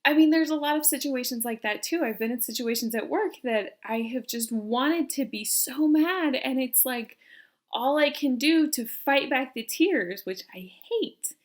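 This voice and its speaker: Young woman with a high voice, earnest and confiding, talking straight to her viewers. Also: animated, unhurried. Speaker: personality coach. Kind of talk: direct-to-camera self-help talk.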